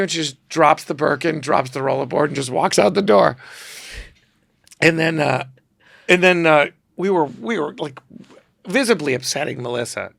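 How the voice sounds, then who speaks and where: Guest photographer, male, gravelly and bright, animated anecdotes. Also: on the high side, moderate pace, no echo. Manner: animated, self-deprecating anecdotes. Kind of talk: storytelling on a podcast.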